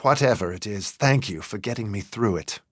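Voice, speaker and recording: A man's voice: lowish voice, animated, brisk, no room sound, clean studio sound. A man playing a polite, slightly nervous divorced father in an audiobook.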